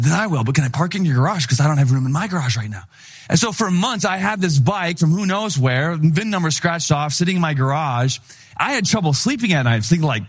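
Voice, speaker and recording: A young pastor preaching to his congregation. He tells stories in a lively, animated way, acting out each person's voice as he goes. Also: on the high side, quick pace, slightly rough. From Wisconsin. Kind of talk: sermon.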